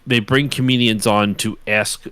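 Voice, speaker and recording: Male co-host, lower register, dry close mic, eager rambling storyteller with plenty of "like"s. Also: steady tone, moderate pace, fairly bright tone, clean tone, no room sound. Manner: enthusiastic rambling storyteller, swears casually, many fillers. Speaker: podcast co-host. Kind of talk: casual chat.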